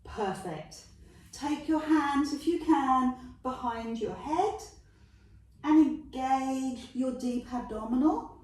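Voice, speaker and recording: A British woman with a high, bright voice guides a Pilates class at an unhurried pace, chatty and teasing. She sounds far from the mic in a very echoey room. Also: lively intonation. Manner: upbeat, playful, chatty coaching with laughs. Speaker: Pilates instructor. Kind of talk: live-style workout instruction.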